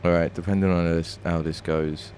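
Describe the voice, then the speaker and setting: A man with a London accent and a low, slightly mellow voice streams a game at a normal pace, his pitch barely moving. His live gameplay commentary turns into frustrated ranting with frequent swearing, captured in a noisy home stream recording.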